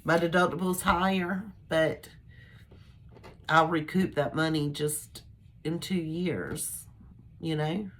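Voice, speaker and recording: A woman's voice: low-pitched, steady tone, takes it slowly, long pauses. An older woman chatting casually to her camera, rambling in a chatty, homespun way. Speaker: vlogger. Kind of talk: casual personal chat to camera.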